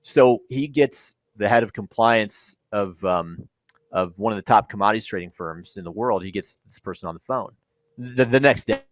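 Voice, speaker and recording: A man with a slightly low voice recounts how he built a company, chatting informally with ums and restarts. He acts out phone calls and conversations with lively shifts. The sound is dry and close. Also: moderate pace, no echo. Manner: animated storyteller acting out dialogue, frequent ums. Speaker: startup founder, panel speaker. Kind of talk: conversational keynote storytelling.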